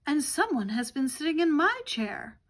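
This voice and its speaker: Mama bear for a storybook reading, a bit higher, loud and exclaiming, a woman doing the voice. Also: very animated, moderate pace. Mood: upset.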